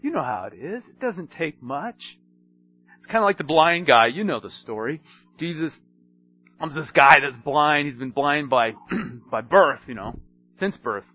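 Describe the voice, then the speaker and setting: A man preaching a sermon, swinging between hushed asides and emphatic storytelling. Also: on the high side, expressive, measured pace, muffled recording.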